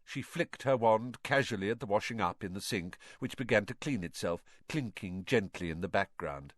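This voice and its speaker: A man reading a novel aloud with expressive storytelling. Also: fairly low pitch, moderate pace, no echo, clean studio sound. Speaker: narrator.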